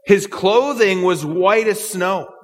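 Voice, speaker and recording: A man with a fairly high voice preaches a verse-by-verse sermon, earnest and searching, often repeating a word as he gathers his thought. His voice rings with a long reverb, as in a large church hall. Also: slow. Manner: earnest, repeats words when thinking aloud. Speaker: pastor. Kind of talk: expository sermon.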